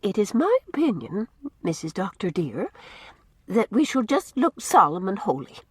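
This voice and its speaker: A woman's voice: medium pitch, big pitch swings, normal speed, breathy edge, no room sound, studio quality. A woman voicing a prim, pious older housekeeper who speaks formally and sounds easily shocked.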